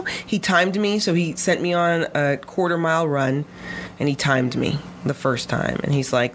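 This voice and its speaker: A woman with a notably low-pitched voice speaks as an interview guest. She tells personal stories in a lively way, often breaking into laughter. She drives her points home by repeating phrases. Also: a little slow, slight background noise. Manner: animated, laughs often while telling stories. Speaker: guest photographer and filmmaker. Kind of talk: conversational storytelling.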